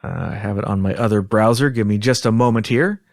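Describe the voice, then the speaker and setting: A man's voice: lowish voice, fairly quick, vocal fry, darkish tone, no echo. A man hosting a podcast in casual chat, rambling and chuckling, a little self-deprecating, on a close mic. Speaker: podcast host.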